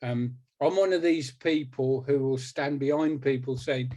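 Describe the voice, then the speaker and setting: A man's voice: mid-range voice, steady tone, a little slow, mellow. Emphatic hypnotist man in his sixties. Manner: emphatic, repeats words, self-deprecating. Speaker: hypnotist guest. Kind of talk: conversational interview.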